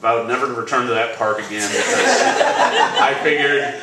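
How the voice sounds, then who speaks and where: A man's voice: medium pitch, steady tone, normal speed, noisy background. Man telling a rambling story on stage. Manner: casual, self-deprecating, rambling. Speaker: storyteller at a live event. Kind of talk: live personal storytelling. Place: cafe stage before an audience. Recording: echoey room, distant mic, crowd ambience.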